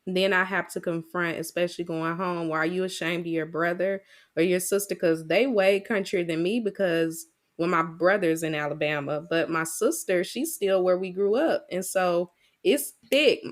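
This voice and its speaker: A woman hosting a podcast, asking questions in a relaxed, casual interview chat. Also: lowish voice. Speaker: podcast host.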